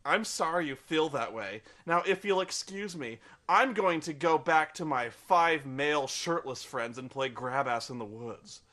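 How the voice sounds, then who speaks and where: A man's voice: fairly high pitch, expressive, a little slow, hardly any pauses, sharp tone. Man doing a wounded, earnest young guy. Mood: huffy. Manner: solemn, mock-dramatic.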